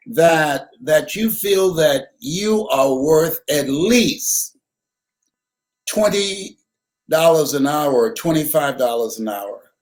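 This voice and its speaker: Animated older man telling stories slowly. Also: a little high. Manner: preacher-like storyteller, repeats words, laughs loudly, shouts punchlines. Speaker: motivational speaker. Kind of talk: live motivational talk with storytelling.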